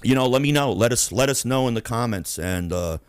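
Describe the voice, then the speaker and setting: A man from Queens, hosting a podcast and telling stories in a profane, animated way. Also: mid-range voice, a little fast, clean tone, no room sound, clean studio sound. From Queens, New York. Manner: animated, profane, acts out voices. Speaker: podcast host. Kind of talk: casual storytelling.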